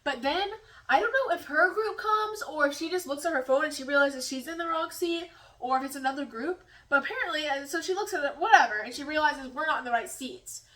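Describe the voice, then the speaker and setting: Young woman, high voice, chatty and giggly, filming in her kitchen from a distance. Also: bright, forceful tone, reverberant. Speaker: vlogger. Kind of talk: casual storytelling while cooking. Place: home kitchen.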